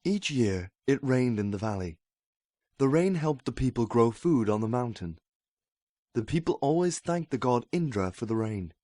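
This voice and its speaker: A man reading a children's story aloud in a clear, even-toned way. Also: mid-range voice, moderate pace, dry recording, clean studio sound. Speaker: narrator. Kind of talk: storybook read-aloud narration.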